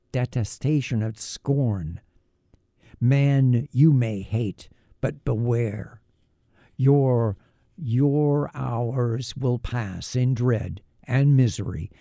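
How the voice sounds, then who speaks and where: A man voicing a wretched, bitter male creature made by a scientist, speaking in a slow, heavy, menacing way in an audiobook reading. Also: medium pitch, vocal fry, mellow, dry recording, studio quality. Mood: bitter threat.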